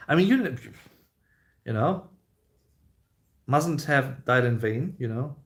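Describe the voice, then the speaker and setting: A German-accented man hosts a casual livestream Q&A in English, his second language, rambling easily with many fillers and restarts. His mid-range voice is expressive and slow, with frequent pauses.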